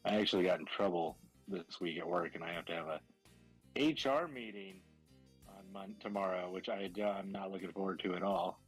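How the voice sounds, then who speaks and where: A man's voice: deep voice, a little fast, husky, faint music behind, low-quality recording. A man chatting casually as a podcast co-host, telling a rambling, profane story about work. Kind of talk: casual chat.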